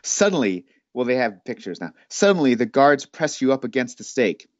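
A man's voice: medium pitch, big pitch swings, moderate pace, no room sound. Laid-back man narrating a gamebook. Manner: laid-back, says "dude". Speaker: host reading a gamebook. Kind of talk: casual narration of a choose-your-own-adventure book. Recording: dull lo-fi dry sound.

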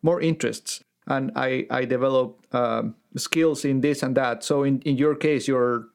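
Measured, halting male podcast host. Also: mid-range voice, steady tone, gravelly, a little mellow, clean tone. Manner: measured, halting, searching for words. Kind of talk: podcast interview.

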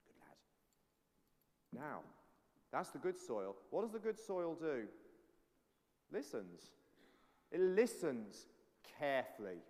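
Man, preacher, animated sermon, playful with kids, long hall reverb. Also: a little high. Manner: animated, playful with children, acts out voices of doubters. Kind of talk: sermon with children's object lesson.

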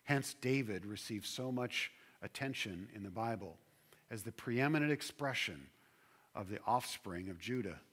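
A man's voice: lowish voice, lively intonation, fairly bright tone. Man preaching with rising fervor. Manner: preaching with swelling emphasis and drawn-out key words. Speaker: pastor. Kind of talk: sermon.

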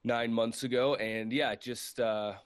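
A comedian guesting on a casual chat, talking in a wry, self-mocking way. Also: male voice, mid-range voice, fairly even intonation, takes it slowly, smooth, no room sound, clean studio sound.

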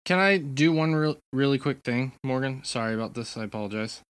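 A man's voice: medium pitch, fairly quick, clear, resonant tone, dry recording. A man co-hosting a casual podcast, hedging his points and politely cutting in. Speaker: podcast co-host. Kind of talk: casual chat.

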